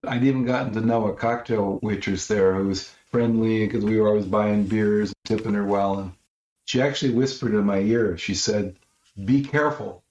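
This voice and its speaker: A man from Los Angeles, a guest author telling a story in an interview, acting out the shouted quotes of the people in it. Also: fairly low pitch, fairly even intonation, moderate pace, echoey room, muffled recording.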